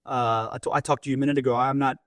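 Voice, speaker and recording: A man's voice: mid-range voice, steady tone, racing, dry recording. A man co-hosting a faith podcast and preaching in casual chat, rambling with many restarts.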